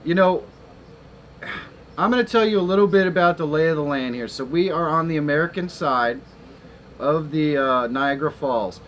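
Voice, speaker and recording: A man hosting a casual livestream, chatting in a relaxed way and greeting viewers. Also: on the high side, slight background noise. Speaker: channel host.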